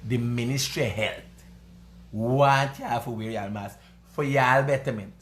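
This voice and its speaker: A man with a Guyanese accent hosting a live show, doing casual commentary in lively, joking Creole banter. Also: medium pitch, normal speed, reverberant, a little hiss or hum.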